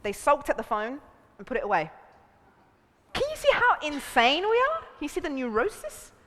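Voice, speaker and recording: A high-voiced woman runs a relationships seminar at a moderate pace, speaking animatedly and laughing often. She acts out the voices of the people she quotes, and her words carry a long hall reverb through the seminar room.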